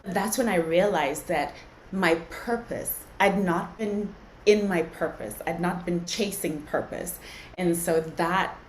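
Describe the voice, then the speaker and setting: A woman's voice: on the low side, slow, reverberant, a little hiss or hum, rough recording. A woman from Zimbabwe, a podcast guest, earnestly and reflectively telling her own story in a casual interview.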